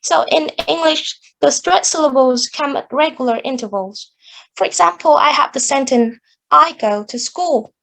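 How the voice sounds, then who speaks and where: High, gravelly woman. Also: normal speed, fairly bright tone, low-quality recording. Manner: careful, explanatory delivery with small restarts. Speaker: student presenter. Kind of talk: academic presentation.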